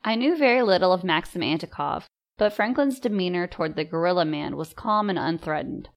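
A woman reading a story aloud in measured, composed first-person narration. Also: lowish voice, lively intonation, creaky. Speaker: audiobook narrator.

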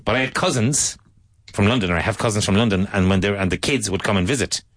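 A man from Ireland teaching English in a relaxed conversational lesson, telling anecdotes and often mimicking regional accents. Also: on the low side, fast talker.

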